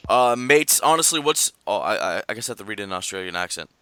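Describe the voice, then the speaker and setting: A man co-hosting a casual wrestling podcast, reading fan mail and rambling through his opinions in an animated way. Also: on the low side, quick pace, smooth, no echo. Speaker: podcast co-host.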